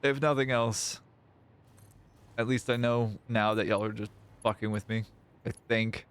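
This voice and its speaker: A man's voice: on the low side, fairly even intonation, unhurried, clean tone. A man livestreaming a game, chatting casually with his viewers and reading their messages aloud, with playful mock-dramatic whining. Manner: reads chat messages aloud. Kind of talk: casual gaming livestream chat.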